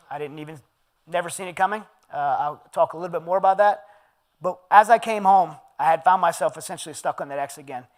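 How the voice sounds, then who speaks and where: A man in his forties preaching at a men's dinner in a fairly high voice. He talks in a conversational, earnest way and tells stories between scripture readings. He often sinks to a hushed, low tone on personal points. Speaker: guest speaker at a men's dinner. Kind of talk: conversational sermon.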